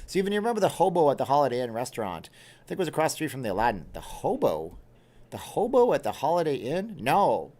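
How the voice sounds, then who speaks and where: A man with a mid-range voice chats through a casual livestream from home. He reads viewer comments aloud and answers them with a loose, jokey, wry manner. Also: medium pitch. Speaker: livestream host.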